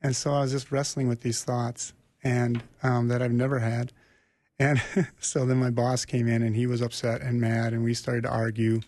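A man telling his personal faith story as an interview guest, earnest and animated, often restarting sentences. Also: medium pitch, moderate pace, no room sound. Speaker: guest sharing his testimony. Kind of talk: conversational storytelling.

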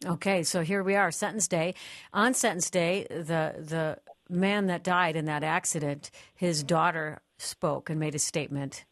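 A woman's voice: deep voice, steady tone, moderate pace, dry recording, clean studio sound. A woman hosting an interview, asking prompting questions and giving brief affirmations. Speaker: interview host. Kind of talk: faith interview.

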